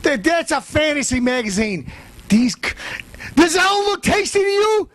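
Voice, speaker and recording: A man hosting a comedy show, cracking loud jokes in quick banter. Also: very high voice, sing-song, low-quality recording. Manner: wisecracking, loud.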